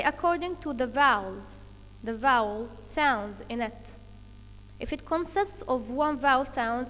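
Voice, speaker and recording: A woman teaches English to children in a high, slow voice. She explains each point carefully and checks in with "okay" along the way. Her voice carries a long reverb. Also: fairly bright tone. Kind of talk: online English lesson for children.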